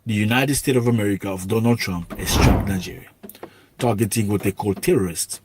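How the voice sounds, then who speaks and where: A man narrating news events in a steady, explanatory way. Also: lowish voice, fairly quick, very noisy.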